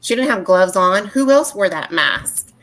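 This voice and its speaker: A woman, co-hosting a podcast and telling stories in an indignant, animated way. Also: medium pitch, measured pace, slight background noise. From West Texas. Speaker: podcast co-host. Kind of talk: casual chat.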